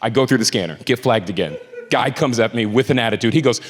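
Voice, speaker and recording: A man telling a stand-up story on a club stage, moving from low mutters to shouted punchlines. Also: fast. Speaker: stand-up comedian. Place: comedy club stage before a live audience. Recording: live club recording, long reverb, crowd noise. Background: audience laughter.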